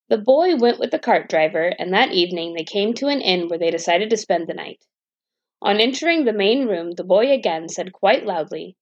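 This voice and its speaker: A woman reading a fairy tale aloud as a bedtime storyteller, steady and gentle. Her voice sits in a middle range. The recording is dull and dry. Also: mid-range voice, moderate pace, no room sound.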